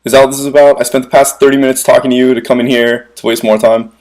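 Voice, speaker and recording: A man's voice: mid-range voice, little pitch movement, rapid-fire, a little mellow, poor audio. A man with a mid-range voice pushes back indignantly in a voice-chat argument, swearing as he defends his side. He sounds aggrieved and argumentative. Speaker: rival guild member in a dispute.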